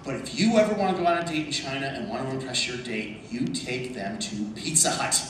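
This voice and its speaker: A man telling lively anecdotes to a convention panel audience, often laughing. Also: medium pitch, fairly quick. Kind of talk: storytelling at a panel. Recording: echoey hall from far off, background noise.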